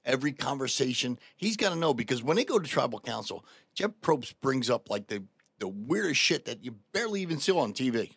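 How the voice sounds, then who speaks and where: A male podcast co-host with a slightly husky, lively voice, recorded close and dry. He asks curious questions and swears casually. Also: medium pitch, fairly quick, no room sound. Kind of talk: casual interview chat.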